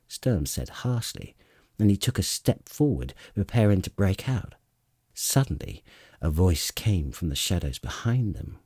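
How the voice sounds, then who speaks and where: A man narrating a fantasy novel as an audiobook reader, in a measured, expressive way. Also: sits low, husky, no echo, studio quality.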